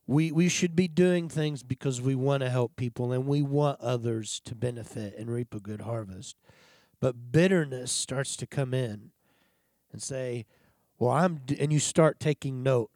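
A man preaching a sermon in an earnest, confessional way, pausing and sighing between thoughts. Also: medium pitch, dark tone, dry recording, clean studio sound.

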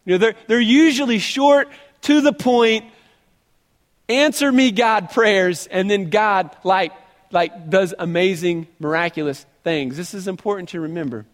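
A man preaching a sermon, reading scripture aloud and retelling it in an animated, conversational way with frequent restarts. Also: high voice, normal speed, in a large hall.

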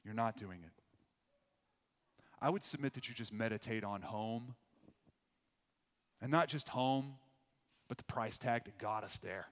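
A man's voice: lowish voice, measured pace, long pauses. A man preaching a sermon to a church congregation, earnest and emphatic, repeating his key phrases. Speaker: pastor. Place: church auditorium. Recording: long hall reverb.

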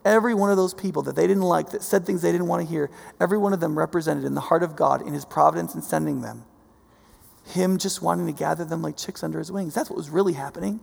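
A man preaching a sermon, animated, swinging from soft to loud and often repeating himself. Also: fairly high pitch, quick pace. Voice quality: gravelly. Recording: long hall reverb.

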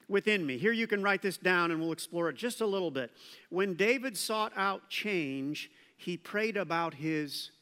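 Man, pastor, sermon, high bright voice, reverberant hall. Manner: animated, acts out quoted voices.

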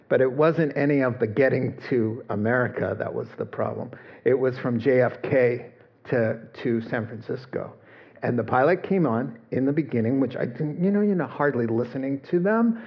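A man's voice: mid-range voice, creaky, lo-fi sound. A man preaching a sermon in a conversational, storytelling way, quoting voices and chuckling as he goes. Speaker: pastor.

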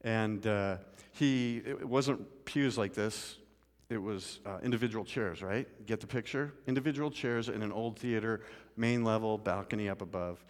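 Preaching man in a reverberant hall. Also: moderate pace. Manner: storytelling, swings from loud urgent pleading to quiet low asides. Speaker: pastor. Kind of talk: sermon. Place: church sanctuary.

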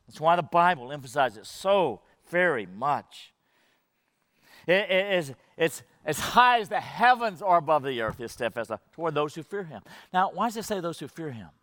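A man preaching a sermon as pastor, swinging from fervent rising emphasis to hushed low drops and repeating phrases to drive points home. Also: no room sound, clean studio sound.

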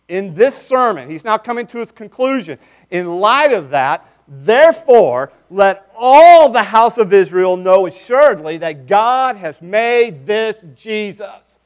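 Male pastor, high voice, emphatic sermon delivery, quiet asides then loud declarations. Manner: emphatic preaching, swings between hushed asides and forceful declarations.

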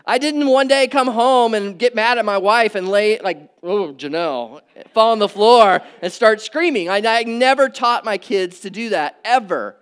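A middle-aged man preaching a conversational sermon, swinging from emphatic peaks to quiet asides. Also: sits high, normal speed, hardly any pauses, smooth. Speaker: pastor. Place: church hall with audience.

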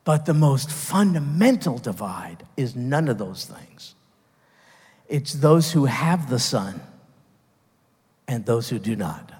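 A man's voice: mid-range voice, sing-song, slow, long pauses, darkish tone, husky, big-room sound. A man preaching a sermon, earnest and emphatic, stopping and restarting as he builds his points. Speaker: pastor.

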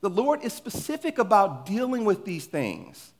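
A man delivers a sermon in a talky, conversational way and keeps asking his listeners questions. His voice sits a little high and swings up and down with lively energy as he makes his points. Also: normal speed. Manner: animated, conversational preaching with rhetorical questions. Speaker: preacher. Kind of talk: sermon with scripture reading.

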